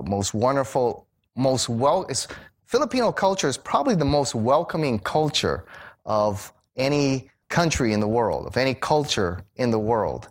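A middle-aged man telling a personal story in a sermon, animated and acting out the voices of the people he quotes. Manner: animated storyteller who acts out quoted voices with big pitch jumps. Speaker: Bible teacher and speaker.

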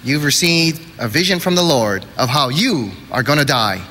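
A man's voice: mid-range voice, expressive, normal speed, bright, forceful tone. A man voicing an eager young male friend at church who speaks cheerfully about death. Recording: reverberant hall, faint noise.

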